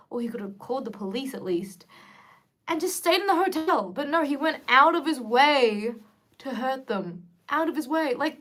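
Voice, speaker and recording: A young woman chatting casually to viewers on a livestream, lively and quick to react. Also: a little high. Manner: chatty and animated, switching between English and Korean. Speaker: livestream host.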